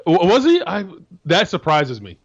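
A man in casual sports talk, spinning animated stories from his playing days. His sentences stumble and restart as he talks over himself. The recording sounds dull and lo-fi. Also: sits high, normal speed, slightly rough. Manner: storytelling, animated, swears, restarts often. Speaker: co-host, former NFL defensive tackle.

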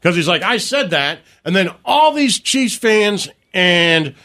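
A man's voice: sits high, slow pace. A man hosting a radio talk show, telling stories in casual banter and acting out the people he quotes. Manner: animated storyteller, acts out quoted voices.

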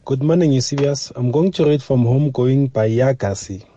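Very dark-voiced man reading a novel. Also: mid-range voice, normal speed. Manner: steady narrative reading. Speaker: caller. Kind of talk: reading a novel aloud via voice note.

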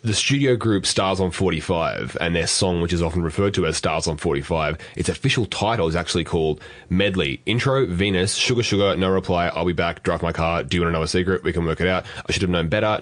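A man's voice: low voice, fast talker. A man co-hosting a music podcast, musing aloud about songs in a casual way. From Australia. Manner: thoughtful, muses aloud with many likes. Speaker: podcast co-host. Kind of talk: casual chat.

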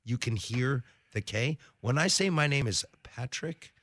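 A male sports radio host with a bright, lively voice that jumps up and down in pitch. He over-enunciates every consonant with theatrical precision, bantering casually into a dry studio mic. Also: normal speed, no echo.

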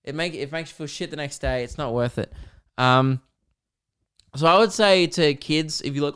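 Sweary, rambling podcast host. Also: male voice, a little high, moderate pace, fairly bright tone, clean tone. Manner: candid, sweary and rambling, with mocking put-on voices. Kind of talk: solo casual podcast chat.

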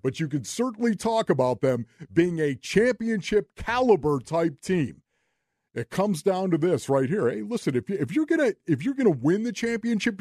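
A man's voice: fairly high pitch, darkish tone, no echo, clean studio sound. A man hosting sports talk radio, emphatic and full of rhetorical questions.

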